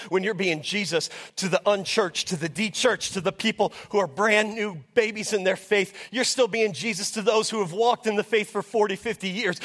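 A middle-aged American pastor preaching with passion, his voice sitting high for a man. He exhorts the congregation, keeps breaking into asides, and sounds sweaty and short of breath. His words ring out with a long reverb through a big church sanctuary. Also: a bit bright. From United States. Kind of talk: sermon. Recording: long reverb of a large hall.

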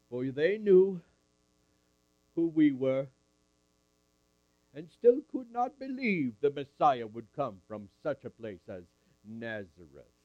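A man's voice: on the high side, a little mellow, no echo, dull audio. A man at a camp meeting, telling a Bible story in character in the first person and calling up audience volunteers. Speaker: camp speaker.

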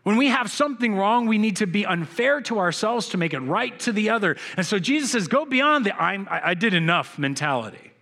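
A young adult man preaching a sermon, telling stories and acting out quoted voices with big jumps in pitch. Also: animated, a little fast, hardly any pauses, sharp tone. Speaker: pastor. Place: church sanctuary.

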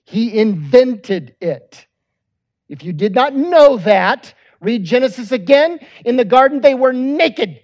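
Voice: mid-range voice, lively intonation, slow, a little mellow. A pastor preaching a conversational sermon with joking asides.

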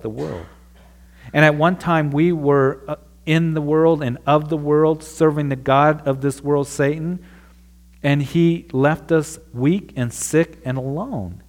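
A man's voice: mid-range voice, darkish tone. A man preaching a sermon in a church room, reading a passage aloud and then explaining it earnestly to the congregation. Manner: earnest preaching, reads scripture then expounds it. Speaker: pastor.

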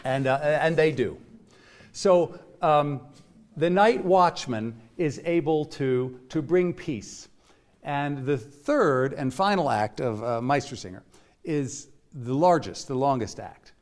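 A man's voice: on the high side, lively intonation, takes it slowly. A man giving a classroom lecture to a live audience, explaining in a chatty way and walking listeners through examples. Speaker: music lecturer.

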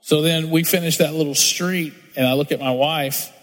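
A middle-aged pastor preaches a sermon in a church sanctuary, his voice a little high and a bit bright, with fairly even intonation at a moderate pace. He speaks in a conversational, storytelling way, acting out quotes in different voices. Long hall reverb fills the recording.

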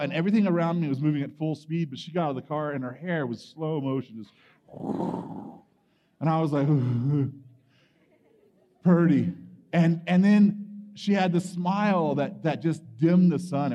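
A man with a fairly high voice preaches to a young crowd, telling his story with lively acted-out bits and sudden shouts. His voice rings through a big, echoing hall, and the sound is a little dull. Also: moderate pace. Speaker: camp speaker. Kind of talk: youth sermon with personal story.

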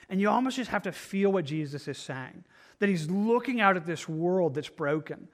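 A man's voice: high voice, lively intonation, normal speed. Earnest man teaching a Bible study. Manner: earnest, thinking aloud with frequent restarts.

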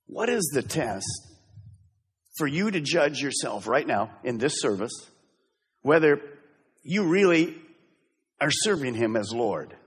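Middle-aged male pastor, lively dramatic preaching, husky tone, church hall echo. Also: medium pitch. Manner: emphatic, swings from loud exhortation to hushed intensity. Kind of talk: sermon. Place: church sanctuary.

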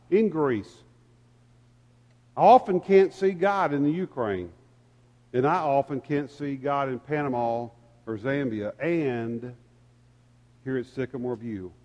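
A man's voice: medium pitch, darkish tone. A man preaching a sermon to a congregation, speaking candidly and self-deprecatingly, piling up rhetorical questions. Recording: long hall reverb.

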